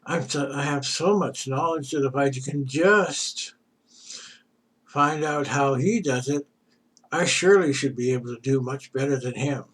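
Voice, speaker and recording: A man's voice: mid-range voice, a little slow, a bit bright, husky, recorded from a distance, low-quality recording. A man voicing a proud, learned pundit who talks down to others in a haughty, dismissive way. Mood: boastful.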